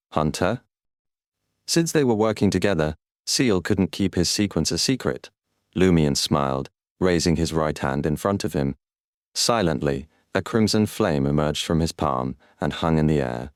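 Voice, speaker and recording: Brief: low-voiced man, smooth and animated narration, dry studio sound. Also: normal speed, dry recording. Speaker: audiobook narrator. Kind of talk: scripted narration.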